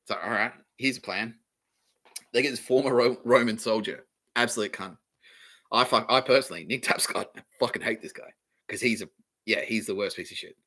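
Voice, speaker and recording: A man's voice: lowish voice, a little fast, bright, forceful tone. A man hosting a comedy podcast, ranting in a profane monologue and laughing often. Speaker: podcast host.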